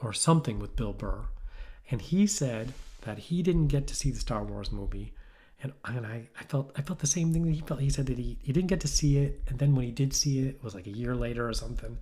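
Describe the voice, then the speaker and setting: A man's voice: medium pitch, fairly quick. Guy on a podcast, tells stories and does everyone's voices. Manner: animated storyteller, acts out quoted voices. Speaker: podcast co-host. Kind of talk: casual chat.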